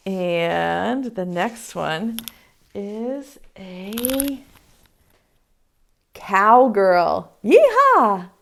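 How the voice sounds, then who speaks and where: Slow, lively woman preschool teacher. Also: mid-range voice. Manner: slow, sing-song and animated, with playful giggles. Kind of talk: online preschool circle time lesson.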